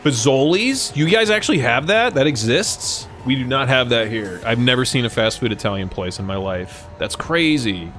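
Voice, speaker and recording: A man's voice: mid-range voice, lively intonation, normal speed, hardly any pauses, a bit bright, soft background music. A young man chatting casually and profanely with his live-stream chat, rambling and joking. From United States.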